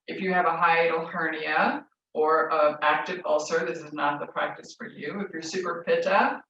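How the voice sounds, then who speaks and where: A woman leading a yoga class, giving gentle, soothing instructions. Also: sits low, a little hiss or hum. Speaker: yoga teacher. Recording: roomy, distant, dull lo-fi.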